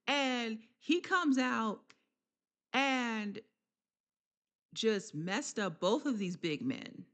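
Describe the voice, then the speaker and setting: A woman giving a casual, chatty wrestling recap vlog, laughing often and filling pauses with slang and ums. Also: a little high, lively intonation, a bit bright.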